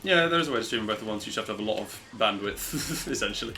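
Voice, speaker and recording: A man's voice: on the low side, expressive, racing. A man chatting casually on a live stream while speedrunning a game, rambling, mocking himself and swearing now and then. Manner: rambling and self-mocking, swearing and reacting to chat. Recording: gameplay audio with loud music behind.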